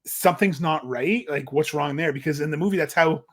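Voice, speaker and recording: Young guy podcast cohost, kinda high voice, super animated, does little voices. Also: fairly quick. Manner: animated, acts out quotes in put-on voices. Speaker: podcast co-host. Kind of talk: casual chat.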